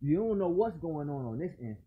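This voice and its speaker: A man's voice: fairly high pitch, sing-song, a little fast, narrow, tinny audio. Aggrieved man ranting to camera. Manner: aggrieved and profane, repeating his points. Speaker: vlogger.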